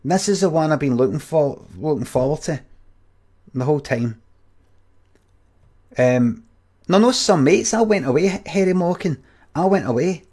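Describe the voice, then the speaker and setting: A man's voice: a little high, expressive, normal speed, pauses often, dark tone. A Scottish man in his forties, rambling and swearing as he tells a story to his viewers on a stream.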